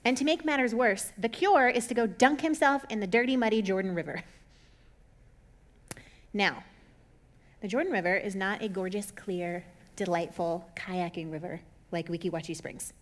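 A woman casually retelling a Bible story in a chatty, jokey way, full of sarcastic asides and quick character voices. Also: mid-range voice.

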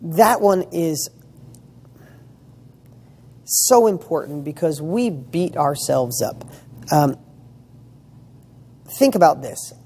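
Speaking slowly and pausing often, a motivational coach for real estate students has a fairly high, animated voice, warm in tone with a breathy edge. He makes his points emphatically, with rhetorical questions and casual swearing.

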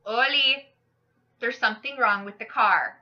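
Stubborn Minnesotan wife played by a woman, accent drifting Irish; fairly high, dull lo-fi recording. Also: unhurried, lightly acted. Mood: insistent. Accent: attempted Minnesotan, drifting Irish.

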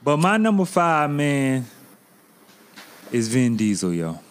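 A man co-hosting a podcast, chatting casually with animated, laughing emphasis. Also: medium pitch, slow pace, a little hiss or hum. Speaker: podcast co-host. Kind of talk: casual chat.

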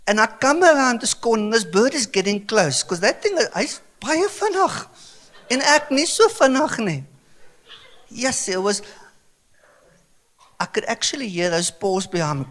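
A South African man in his fifties, an Afrikaans speaker, preaching a sermon with animated, comic storytelling. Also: high voice, moderate pace. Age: 50s. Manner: animated, comic storytelling with sudden bursts of excitement. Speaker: pastor.

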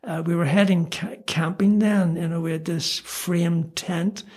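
A man's voice: a little high, fairly even intonation, unhurried, darkish tone, slightly rough. An older man with a Belfast accent, telling self-mocking anecdotes in a casual chat, with many ums and restarts. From Northern Ireland. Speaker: guest storyteller. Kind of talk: casual storytelling.

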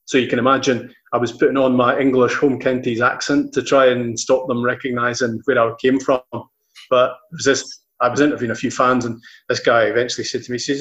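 A man's voice: mid-range voice, little pitch movement, a little fast, a bit bright, lo-fi sound. A middle-aged Scottish man, a football commentator, telling anecdotes in a rambling interview, with many restarts. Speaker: football commentator and presenter, guest. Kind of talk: casual interview chat.

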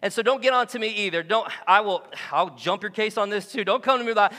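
A male pastor preaching a sermon, animated and joking, who often acts out the voices of the people he quotes. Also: high-pitched, fast, hardly any pauses, in a large hall. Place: church sanctuary.

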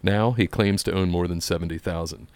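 A man's voice: low-pitched, dry recording. A man co-hosting a casual podcast, reading a news item and bantering with frequent laughs. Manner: laughs often, quick banter. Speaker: podcast co-host.

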